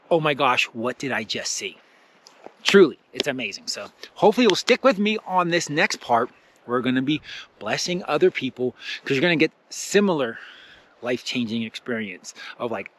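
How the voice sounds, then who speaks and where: A young adult man hosting a casual spiritual self-help talk, enthusiastic and rambling, full of fillers and excited exclamations. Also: medium pitch.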